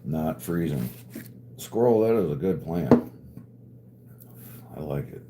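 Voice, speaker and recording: A man's voice: extremely low pitch, lively intonation, takes it slowly, heavy background noise. A man hosting a casual live stream, joking, swearing and reading chat aloud. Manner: laid-back, profane, joking, reads chat aloud. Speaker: livestream host chatting with viewers.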